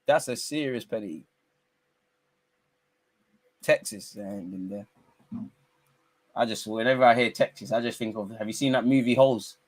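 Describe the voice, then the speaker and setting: Teasing lad hosting a watch-along. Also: male voice, mid-range voice, normal speed, long pauses, no echo. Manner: teasing, slangy banter with sudden excited outbursts. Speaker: football watch-along host. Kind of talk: live football watch-along commentary.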